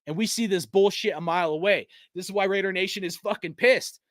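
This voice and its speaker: A man with a high voice rants hard about his football team, swearing constantly and talking in quick slangy bursts. He speaks close to the mic in a dead, dry room. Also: fairly bright tone, no room sound. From US West Coast. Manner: heated, cursing, rapid-fire, slangy. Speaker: fan channel host. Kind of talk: profane sports rant.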